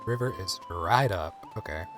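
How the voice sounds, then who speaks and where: A man's voice: low voice, expressive, moderate pace, music in the background. A man from the American South, chatting casually with his chat while livestreaming a game. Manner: chatty, rambling, playful.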